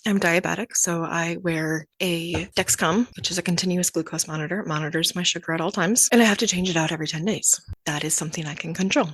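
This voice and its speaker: A young adult woman talks through a personal story on her podcast, candid and chatty, slipping into the voices of the people in her story. Her voice sits a little low. The sound is dry and close, with no room around it. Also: dry recording. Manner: candid and conversational, acting out quoted exchanges. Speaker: podcast host.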